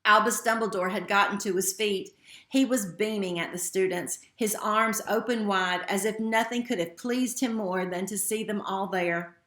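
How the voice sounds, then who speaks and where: A woman's voice: mid-range voice, steady tone, moderate pace, a bit bright. Woman reading a novel aloud, echoey. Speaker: narrator. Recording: roomy echo.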